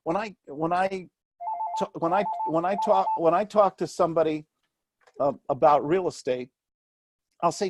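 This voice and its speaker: A man's voice: fairly high pitch, moderate pace, pauses often. A middle-aged man from New York City with a New York accent, a real estate mentor in an interview who asks himself questions and acts out what other people say. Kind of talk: animated interview talk.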